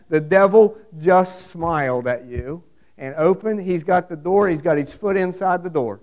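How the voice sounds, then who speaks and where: A man's voice: sits high, lively intonation, moderate pace, darkish tone. A middle-aged man preaching a sermon, emphatic and repetitive, asking the congregation questions. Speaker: pastor.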